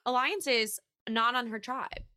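A woman co-hosting a podcast in casual chat, reacting quickly and with emphasis. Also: a little high, pushed and bright. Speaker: podcast co-host.

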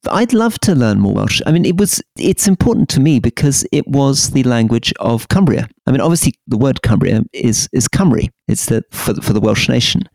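A man co-hosting a political podcast in casual chat, animated and teasing, keen on history. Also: mid-range voice, moderate pace, vocal fry, hardly any pauses, no echo, studio quality. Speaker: podcast co-host.

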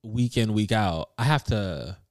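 A man's voice: fairly low pitch, a little slow, a little mellow, no echo, studio quality. Laid-back man with a faint British tinge. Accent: American with a slight British tinge. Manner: rambling, loose and laid-back, with many fillers. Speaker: podcast co-host. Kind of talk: casual chat. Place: small room, seated on a couch.

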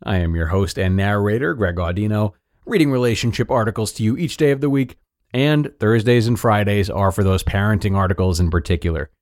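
A man hosting a podcast, reading an article aloud in a measured, earnest way. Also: fairly low pitch, a little mellow, no room sound, studio quality. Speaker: podcast host and narrator.

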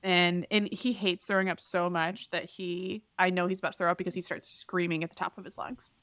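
Animated storytelling woman, dry close mic. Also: a little fast, dry recording. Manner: animated storyteller, acts out voices with big pitch jumps. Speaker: podcast co-host. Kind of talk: casual chat, storytelling.

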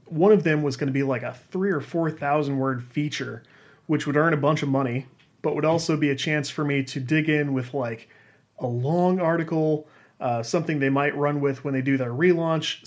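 A man casually telling a personal story about freelance games writing, rambling and self-deprecating, with frequent restarts and fillers. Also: a little high.

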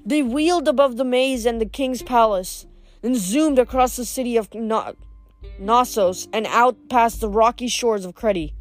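Woman, novel reading, frequent restarts, raised pitch, faint background music. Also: measured pace. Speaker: reader.

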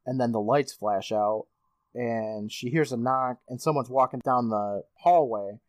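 A man co-hosting a comedy podcast, retelling a TV episode in an animated way with casual swearing. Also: mid-range voice, measured pace, dry recording. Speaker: podcast co-host.

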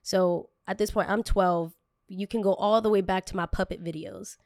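A woman's voice: medium pitch, fairly even intonation, normal speed, a little mellow, no room sound, clean studio sound. A young woman content creator candidly telling a personal story, emotional and full of casual fillers.

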